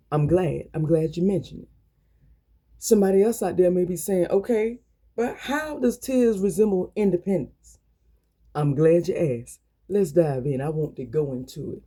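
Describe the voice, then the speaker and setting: A woman delivers a weekly motivational message like a sermon. Her voice is very dark and mellow, with a husky edge. She leans on repeated questions and draws out words for emphasis. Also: lowish voice. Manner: repetitive call-and-response, drawn-out emphatic phrases. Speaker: motivational speaker. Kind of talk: preaching motivational encouragement.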